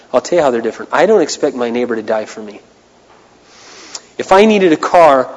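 A man preaching a sermon as a pastor, impassioned, swinging between loud declarations and hushed asides. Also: mid-range voice, in a large hall, poor audio.

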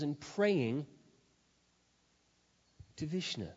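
Forceful preacher in an echoing hall. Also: male voice, medium pitch, lively intonation, moderate pace, pauses often. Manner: forceful, swings between loud emphasis and quiet intensity. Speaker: pastor. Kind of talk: sermon. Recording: dull sound with long hall reverb.

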